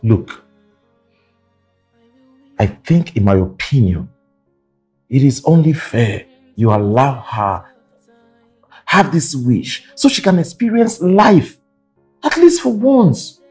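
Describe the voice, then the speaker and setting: A steady, soothing doctor uncle with a Nigerian accent, coaxing and patient. His voice is slightly husky and moves a lot in pitch. He stops and restarts his words often. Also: slow pace, pauses often, faint music behind, heavily acted. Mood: persuasive. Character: calm reassuring middle-aged male doctor uncle. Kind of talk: film drama acting.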